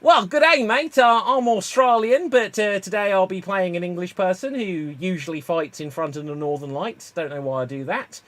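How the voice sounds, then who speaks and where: A brash male brawler chatters in a high, chirpy Aussie-style voice, as a man puts him on. He rambles loudly and brightly. The voice sits well above a plain male speaking voice. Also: very animated, moderate pace. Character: brash male fighter putting on an Australian drawl.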